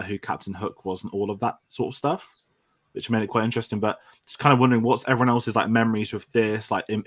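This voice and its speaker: A man in a casual podcast discussion, reflecting and wondering aloud about his memories. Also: on the low side. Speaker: podcast guest.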